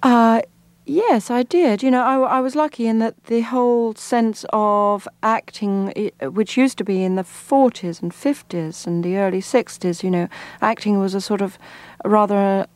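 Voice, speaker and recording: A middle-aged woman from England, an actress answering interview questions thoughtfully, pausing and restarting as she searches for words. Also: mid-range voice, a little mellow, no echo. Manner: thoughtful, frequent restarts and pauses. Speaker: actor, guest.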